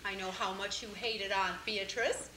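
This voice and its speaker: A woman's voice: medium pitch, fairly even intonation, normal speed, bright, forceful tone, lightly acted. A woman playing a scheming society woman in a stage play, dramatic and cutting. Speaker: community theater actor. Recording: roomy stage recording, faint hiss.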